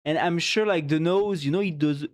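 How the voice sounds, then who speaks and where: A tired streamer from France, whose first language is French, chats playfully with viewers during a casual late-night live stream in French-accented English. The voice is mid-range at a normal speed.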